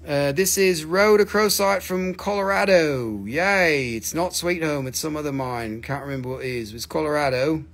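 A man's voice: fairly high pitch, normal speed, few pauses, fairly bright tone. A man from the Appalachian region of the US hosts a live mineral sale in a joking, rambling way, cussing freely. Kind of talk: casual live-stream selling.

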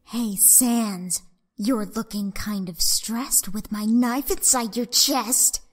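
An earnest child hero, voiced by a woman in a fan-dubbed comic. The voice is high and firm, speaking plainly and seriously. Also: slow. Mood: menacing. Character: earnest child who vowed never to harm. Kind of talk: fan dub acting.

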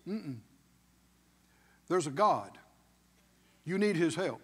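A man's voice: fairly high pitch, lively intonation, slow, fairly bright tone, breathy edge, big-room sound. A man preaching a sermon as pastor, emphatic, with call-and-response questions to the congregation.

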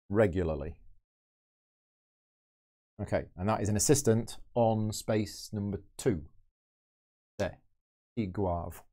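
A warm, fairly low-voiced man hosts a board game channel, narrating a solo playthrough. He thinks aloud and walks through each decision he makes.

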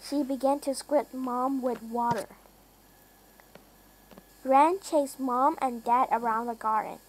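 A woman reads a children's storybook aloud in a careful, deliberate way. Her voice is high and her pace slow. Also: a little hiss or hum, poor audio. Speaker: reader.

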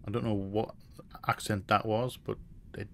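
A man's voice: on the low side, level tone, moderate pace, creaky, a bit bright. A man giving let's play commentary on a horror game: he reads notes aloud, jokes nervously, jumps at scares and swears often. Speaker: streamer playing a horror game.

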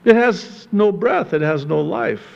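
A man preaching a sermon with an animated, conversational delivery. His voice sits slightly high and he takes his time, letting phrases land slowly. He swells up loud for emphasis and falls back to quiet, chuckling asides to the congregation. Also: vocal fry, highs cut off. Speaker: pastor.

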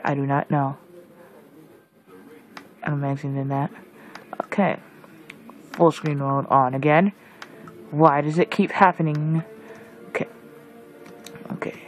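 A gamer giving casual let's-play commentary, jumpy and shrieking at monsters while muttering asides in between. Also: medium pitch. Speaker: gameplay commentator.

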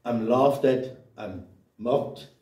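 A man's voice: medium pitch, drawn-out words, dark tone. Emphatic preacher man, echoey and distant. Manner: emphatic preaching with rhetorical questions. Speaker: pastor. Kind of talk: sermon. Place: church hall.

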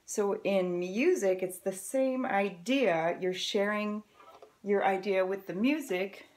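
A woman's voice: medium pitch, takes it slowly. An upbeat woman teaching violin straight to camera. She walks through her points one by one and keeps the tone friendly and encouraging. Her voice sits in an ordinary middle register. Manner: upbeat, encouraging, explains step by step. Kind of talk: friendly music lesson to camera.

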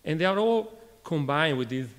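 A man from Italy with an Italian accent gives a technical conference talk in a halting way, restarting phrases and questioning the audience. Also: on the high side, lively intonation. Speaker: conference speaker. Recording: reverberant lecture hall.

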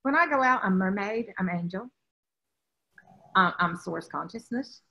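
A woman's voice: medium pitch, animated, unhurried, gravelly, lo-fi sound. A woman from the US South, a spiritual teacher, talking with emphasis in a rambling way, often restarting her sentences. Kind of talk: spiritual talk in conversation.

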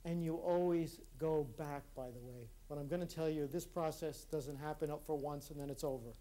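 Warm and steady, this man's fairly high voice carries a reflective, personal talk to a conference crowd. He comes across as earnest, with halting delivery and repeated sentence restarts, captured live in a hall.

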